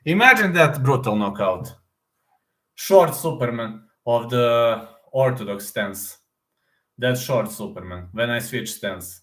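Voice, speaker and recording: A man hosting an MMA news reaction, talking casually and excitedly, repeating himself as he acts out fight moves. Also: mid-range voice, a little slow, reverberant.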